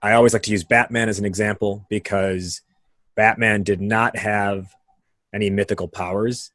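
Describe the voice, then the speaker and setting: A man hosting a podcast, talking casually as he works through ideas with colorful examples. His voice sits low. The sound is dry and close, with little room around it. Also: normal speed, no room sound. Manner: animated explainer with vivid analogies and frequent tag questions. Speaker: podcast host.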